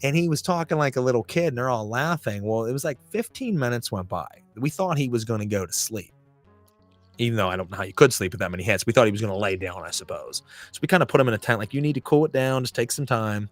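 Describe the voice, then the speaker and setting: A man's voice: fairly low pitch, expressive, fast, no room sound, soft background music. A man hosting a podcast, telling a story in casual, profane talk and acting out the people he quotes in raised voices. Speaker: podcast host.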